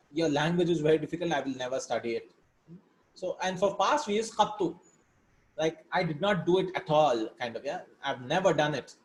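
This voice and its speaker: A man teaching an Arabic lesson, reading Arabic words and sentences, explaining them step by step in English and checking in with "right?". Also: fairly high pitch. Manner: explains step by step, asks "right?" between points. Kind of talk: recorded language lesson. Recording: echoey room with faint background hiss.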